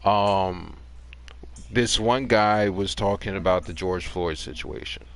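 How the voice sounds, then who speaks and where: A man's voice: low voice, slow pace, gravelly. A man in his thirties ranting bluntly and sarcastically during a casual gaming livestream, with plenty of profanity. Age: 30s.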